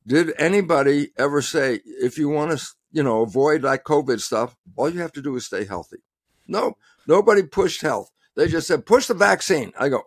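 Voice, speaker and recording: A man's voice: medium pitch, normal speed, no room sound. Emphatic man, dry close sound. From United States. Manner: animated, emphatic, quotes himself often. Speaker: guest scientist. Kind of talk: passionate interview talk.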